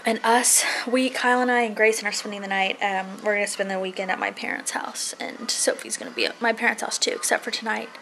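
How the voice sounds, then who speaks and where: A young woman chatting casually to a handheld camera at home, telling an animated story for her family vlog. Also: medium pitch, fast, gravelly, hardly any pauses, slight background noise. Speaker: family vlogger. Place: house being painted, indoors.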